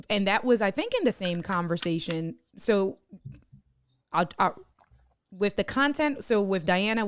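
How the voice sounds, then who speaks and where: A woman's voice: medium pitch, clear, resonant tone, dry recording, clean studio sound. A woman hosting her own live stream, chatting casually and retelling a conversation with friends. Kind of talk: casual chat.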